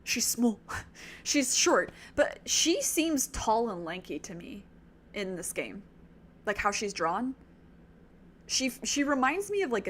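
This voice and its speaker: A woman's voice: medium pitch, a little hiss or hum. A woman streaming a game, chatting casually and joking at her own expense. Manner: chatty, self-mocking.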